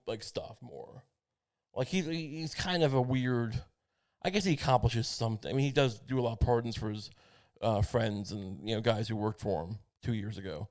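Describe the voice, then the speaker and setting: A man's voice: medium pitch, darkish tone. A man hosting a comedy podcast, riffing through a rambling, profane monologue full of restarts and asides. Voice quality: profane, halting delivery with many restarts. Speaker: podcast host. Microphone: podcast microphone.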